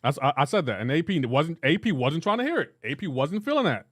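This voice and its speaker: Animated, teasing male game streamer. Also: fairly high pitch, fast. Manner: teasing, banter-heavy, breaks into laughter. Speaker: live-streaming gamer. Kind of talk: casual live-stream chat, reading chat aloud.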